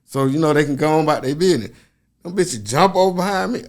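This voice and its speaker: A man's voice: on the high side, quick pace. Profane storytelling man. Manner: profane, animated, acts out quoted voices. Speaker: podcast guest. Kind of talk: casual storytelling.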